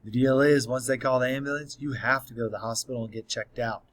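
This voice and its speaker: A man's voice: mid-range voice, steady tone, quick pace, rough recording. Earnest man narrating an audiobook. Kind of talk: first-person audiobook narration.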